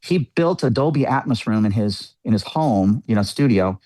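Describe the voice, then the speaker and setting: A middle-aged musician, a guest on a podcast, tells a personal story in a candid interview, earnest and reflective, chatty and full of fillers. His voice is medium-pitched and dark in tone, with lively intonation at a moderate pace.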